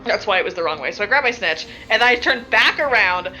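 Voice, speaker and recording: Bright-voiced woman rambling through a game recap. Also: mid-range voice, lively intonation, brisk, faint music behind, low-quality recording. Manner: rambling, laughing, lots of filler words. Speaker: tabletop game player. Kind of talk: casual recap of a game session.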